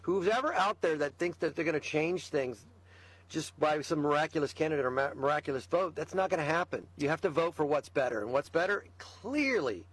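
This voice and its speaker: Man, husky voice, slightly high pitch, emphatic, political talk guest. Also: expressive, a bit bright, no echo. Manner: emphatic and fired-up, quick asides. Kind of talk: casual political chat.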